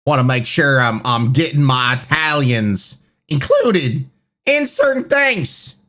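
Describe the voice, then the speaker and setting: A man chats on his live stream in an unhurried, meandering way. He reads viewer messages aloud and fills the gaps with uhs and ums. The voice sits at an ordinary pitch for a man. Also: sing-song, sharp tone. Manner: rambling, reads chat aloud, many fillers. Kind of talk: casual live-stream chat.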